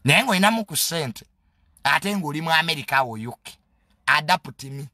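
A man's voice: fairly high pitch, a little fast, pushed and bright, no echo, clean studio sound. A man with a Ugandan accent giving a casual, comedic monologue in a mocking, boastful tone and mixing English phrases into his talk.

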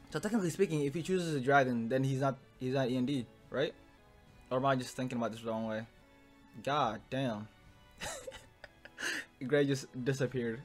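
A young man reacting to an anime episode in casual commentary, emotional and swearing, swinging from low muttering to loud outbursts.

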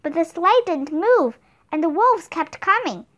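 A woman reads a children's book aloud, narrating with expression at an even pace. Her voice is high and bright. Her pitch rises and falls in a lively way. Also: a little slow, dull audio. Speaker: storyteller.

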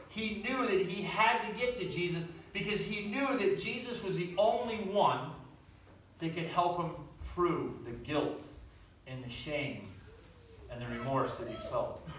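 Animated man preaching in an echoey church. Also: high voice, measured pace, a little hiss or hum. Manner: animated, asks the audience questions. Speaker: pastor. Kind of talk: sermon storytelling. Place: church sanctuary. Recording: echoey room, from far off.

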